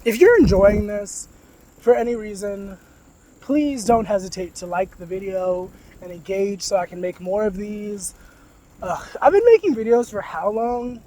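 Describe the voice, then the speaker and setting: A man's voice: sits high, measured pace, mellow, a little hiss or hum. A man vlogging casually about spiritual ideas, in a loose, rambling way full of fillers, now and then swearing bluntly. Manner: frank, sometimes swearing.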